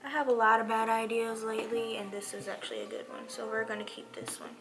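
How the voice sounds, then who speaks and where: A young woman chatting through a makeup tutorial, rambling and animated, her voice jumping up when she rants. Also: fast, over music. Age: young adult. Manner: animated, rambling, swoops high when ranting. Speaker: beauty vlogger.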